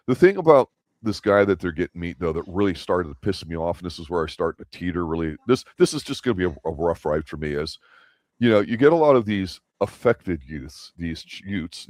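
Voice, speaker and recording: Deep-voiced man, rambling host. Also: darkish tone, no room sound. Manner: rambling and opinionated, with frequent restarts. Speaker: host of a TV review show. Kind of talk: casual review chat.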